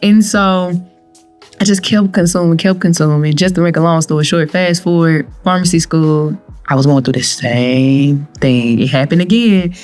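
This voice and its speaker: A young adult woman, a guest on an interview podcast, telling her own story in an animated way. She acts out what she and others said, and often laughs as she goes. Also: low-pitched, moderate pace, soft background music. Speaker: guest, cannabis entrepreneur with a pharmacy doctorate.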